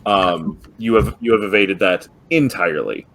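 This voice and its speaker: A man narrating as game master of a tabletop role-playing game, pausing often with ums and restarts. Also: sits low, fairly bright tone, slight background noise, low-quality recording. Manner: hesitant, many ums and restarts.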